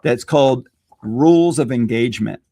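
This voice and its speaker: A man from Louisiana, a social media expert guest, explaining strategy in an animated, self-deprecating way and laughing readily. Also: mid-range voice, moderate pace, dry recording, clean studio sound. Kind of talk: conversational teaching.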